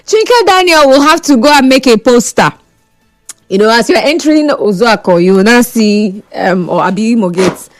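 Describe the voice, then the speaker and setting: A woman's voice: on the high side, moderate pace, no room sound, faint music behind. A Nigerian woman hosting a phone-in radio talk show, chatty and teasing, often laughing.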